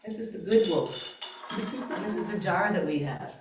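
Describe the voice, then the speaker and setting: Animated woman speaking in an echoey church. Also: on the low side, moderate pace, background noise. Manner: animated, laughs often, conversational. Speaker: guest speaker at a church service. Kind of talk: inspirational talk to a congregation. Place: church sanctuary. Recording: very echoey, distant, dull church recording.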